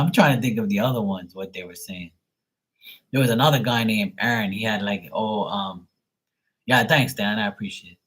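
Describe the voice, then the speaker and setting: Low raspy guy ranting about trolls on his stream, cussing a lot, laughing, super casual. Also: fairly bright tone. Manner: profane, mocking, laughs often. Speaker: livestream host. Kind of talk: casual rambling chat.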